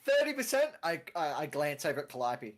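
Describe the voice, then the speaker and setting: A man playing a tabletop game over a call, self-mocking and quick to apologize, often laughing. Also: a little high, very animated. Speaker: player. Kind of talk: casual tabletop game chat.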